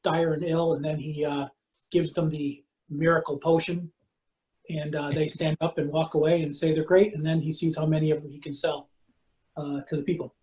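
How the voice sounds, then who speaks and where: A man's voice: a little high, flat delivery, normal speed, darkish tone, poor audio. Hesitant middle-aged male player. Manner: hesitant, many fillers. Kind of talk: casual tabletop game play.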